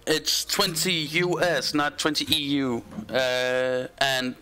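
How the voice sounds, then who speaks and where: A man acting as game master and streamer, chatting casually and haltingly, with many fillers. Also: medium pitch, pushed and bright, clean tone. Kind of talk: casual chat between game sessions.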